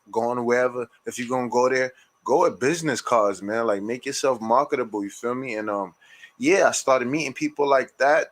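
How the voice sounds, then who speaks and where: Male rapper guest, casual chat, laid-back, slangy, plain mid-range voice. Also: mid-range voice.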